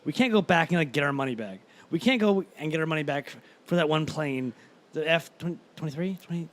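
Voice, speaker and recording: Guy with a slightly high voice rambling on a podcast, keeps restarting. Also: animated, a little fast. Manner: rambling, stumbling restarts, laughs often. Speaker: podcast co-host. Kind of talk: casual chat.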